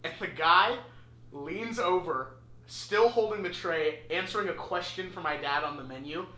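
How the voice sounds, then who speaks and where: A young man casually telling a funny story, animated and swearing, acting out the people in it. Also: high voice, moderate pace. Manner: animated, swearing, acts out voices. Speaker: podcast host. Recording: echoey room with faint noise.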